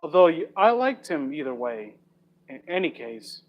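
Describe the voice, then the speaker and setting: A young man reads an online story aloud and mocks it with sarcastic, swearing asides. His voice sits a little high and swings wildly up and down, bursting with energy. It sounds like a casual home setup. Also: big pitch swings, a little slow, highs cut off. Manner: sarcastic, profane, riffing asides. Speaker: YouTuber reading fan fiction. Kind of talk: comedic dramatic reading with commentary.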